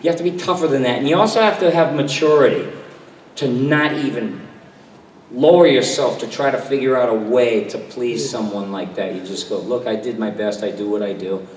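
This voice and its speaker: A man's voice: mid-range voice, slight background noise. Chatty older man in an echoey hall. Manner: chatty, self-deprecating, jumps into quick impressions. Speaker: convention panel guest. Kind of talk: relaxed storytelling to an audience. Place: convention hall. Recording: distant, echoey hall recording with faint crowd ambience.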